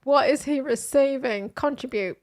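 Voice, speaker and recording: Woman, high voice, live-stream host, casual news reaction, animated, exclaiming. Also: moderate pace. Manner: animated, laughing, exclaiming while reading aloud.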